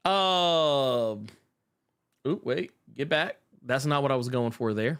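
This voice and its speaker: A man's voice: mid-range voice, measured pace, a bit bright, smooth. A middle-aged man co-hosting a podcast in casual chat, laughing often and trailing off with fillers. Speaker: podcast co-host.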